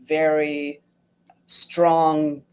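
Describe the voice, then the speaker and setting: Speaking extremely slowly in a deep, flat, somewhat mellow voice, a middle-aged guest shares what happened at her retreat. The talk is casual and emotional, crowded with fillers, and she voices her own inner thoughts.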